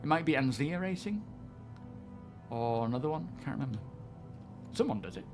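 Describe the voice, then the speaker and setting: A man's voice: medium pitch, very animated, moderate pace, over music. Chatty man streaming. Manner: rambling, chatty, greets viewers. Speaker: live-stream host. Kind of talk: casual live-stream chat.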